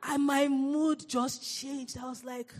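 A woman preaching a sermon, telling a personal story in an animated way and laughing often. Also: high-pitched, slow pace, long reverb tail, a little hiss or hum.

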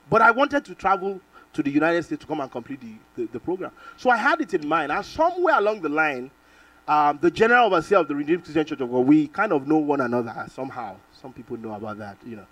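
A middle-aged man from Nigeria preaching a sermon, telling a personal testimony with animated storytelling and calls for amen. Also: on the high side, recorded from a distance, rough recording. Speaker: pastor.

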